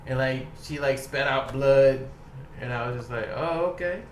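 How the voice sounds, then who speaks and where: A man's voice: medium pitch, normal speed, reverberant, a little hiss or hum. A man from Baltimore, a podcast guest telling a long, profane, rambling story packed with quoted dialogue. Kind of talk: casual storytelling. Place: podcast studio.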